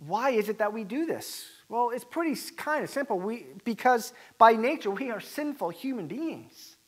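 A man preaching a sermon as pastor, animated and acting out the quoted voices with rising emphasis. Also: extremely high pitch, moderate pace.

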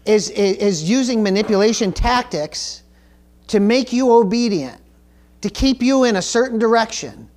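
A man's voice: high voice, animated, normal speed, a little mellow. A male pastor preaching a sermon, earnest and emphatic, often repeating words and asking the congregation "Amen?". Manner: calls for audience responses like "Amen?".

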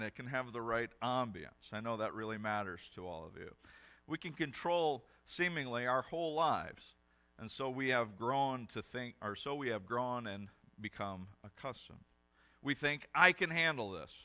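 A man's voice: medium pitch, pushed and bright. A young adult male pastor giving a sermon in a conversational, storytelling way with casual fillers.

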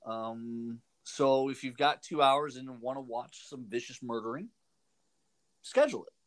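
A man's voice: mid-range voice, measured pace. A man hosting a radio show, joking around in a casual, playful way. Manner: jokey, playful, lively delivery.

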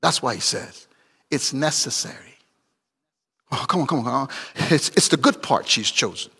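A man preaching a sermon, swinging between loud emphatic bursts and hushed asides. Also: mid-range voice, lively intonation, normal speed, creaky, breathy edge, big-room sound.

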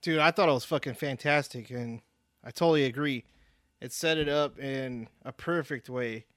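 A man's voice: medium pitch, normal speed, a bit bright, no room sound, studio quality. A man co-hosting a casual film review chat, talking bluntly and enthusiastically with lots of swearing. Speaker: podcast co-host.

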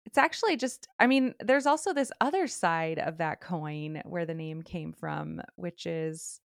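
Young woman co-host, low and gravelly voice, dry close sound, rambling chat. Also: animated, unhurried, no room sound. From Southern California. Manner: rambling, hesitant, restarts and fillers. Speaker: podcast co-host. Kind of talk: casual podcast chat.

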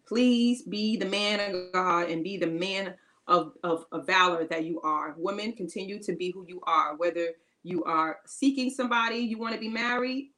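A woman's voice: on the low side, normal speed, bright, forceful tone, low-quality recording. A woman co-hosting a faith-based podcast, giving emphatic encouragement in casual talk and repeating her key phrases. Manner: informal, casual grammar. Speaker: podcast co-host.

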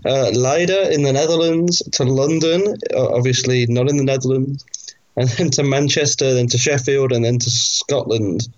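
A man chats as a podcast co-host, stumbling and restarting with a self-mocking laugh in his voice. His sound comes through dull and lo-fi, in an average male pitch. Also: steady tone, moderate pace. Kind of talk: casual chat.

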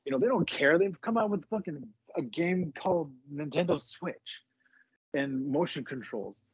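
A man's voice: fairly high pitch, lively intonation, moderate pace, slightly rough. A man co-hosting a podcast, chatting casually in a rambling, hesitant way that repeats its starts, on a muffled lo-fi recording. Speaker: podcast co-host. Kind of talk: casual chat.

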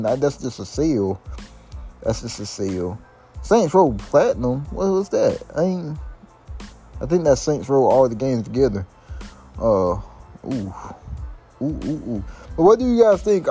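A man's voice: a little high, warm tone, slightly rough. A young man hosting a casual solo podcast, rambling loosely with slang and lots of "like" and "bro". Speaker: podcast host.

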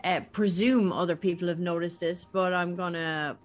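A woman's voice: on the low side, steady tone, normal speed. A woman playing a tabletop game, speaking hesitantly with many fillers. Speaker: player. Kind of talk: casual tabletop game play.

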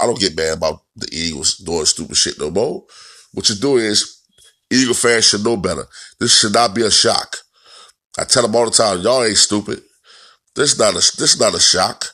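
A man's voice: lowish voice, a bit bright. A man ranting bluntly and profanely about football, repeating himself as he goes. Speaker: football commentator. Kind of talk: profane sports rant.

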